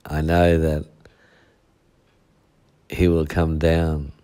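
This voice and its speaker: A man's voice: a bass voice, monotone, drawn-out words, dark tone, clear, resonant tone. A male pastor, preaching a midweek sermon with heavy repetition and rhetorical asides.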